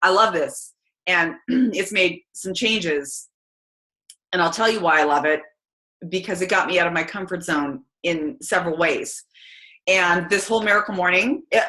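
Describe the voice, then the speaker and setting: A chatty, energetic woman, giving a casual motivational talk to her team. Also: fairly low pitch. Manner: chatty and energetic, many fillers. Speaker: team call speaker. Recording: roomy echo.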